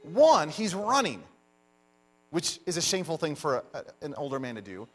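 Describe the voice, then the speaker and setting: A man preaching a sermon, telling stories with animated emphasis as the pastor. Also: on the high side, normal speed, breathy edge. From United States. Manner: animated storyteller, lively emphasis.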